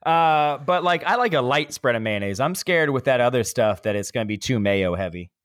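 A man's voice: mid-range voice, animated, a little fast, a bit bright, no room sound, studio quality. A young man co-hosting a casual podcast chat, joking and swearing freely. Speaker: podcast co-host.

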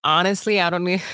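A young adult woman co-hosting a casual livestream, talking in a halting way with many fillers. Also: on the low side, pushed and bright, dry recording, studio quality. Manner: slow, halting, filler-heavy. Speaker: co-host.

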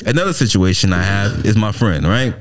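A man's voice: fairly low pitch, brisk. A young man hosting a casual podcast chat, telling stories with slang and frequent laughter. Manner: storytelling, animated, laughs often, African American slang. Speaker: podcast host.

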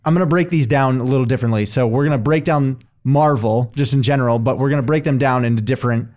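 Male podcast host, steady segment-announcer, mid-pitched, casual. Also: fast talker.

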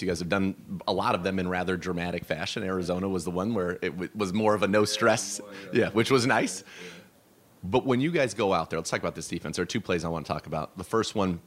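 A man's voice: low-pitched, fast talker. A man hosting a sports radio show, asking long, enthusiastic questions.

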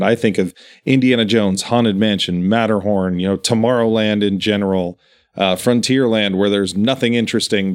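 A man's voice: lowish voice, darkish tone. A man chatting casually as a podcast co-host, telling stories in a meandering, enthusiastic way. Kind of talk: casual chat.

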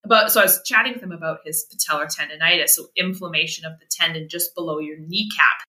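A very bright, crisp woman's voice in her thirties, from Canada, telling a story in a lively, casual way as a podcast guest. She acts out little quotes and laughs easily, and the room around her rings with a noticeable echo. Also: deep voice, quick pace. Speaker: guest, sports medicine doctor. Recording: roomy echo.

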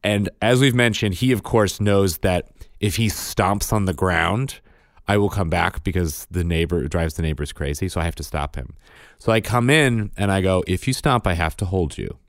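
Low-voiced man telling a parenting story. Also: normal speed, dry recording, studio quality. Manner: storytelling, matter-of-fact. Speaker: podcast co-host and father. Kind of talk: casual chat.

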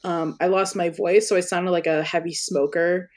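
A woman's voice: lowish voice, fairly even intonation, normal speed, darkish tone. A young woman on a podcast, telling a funny story in casual chat and laughing often. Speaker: podcast guest.

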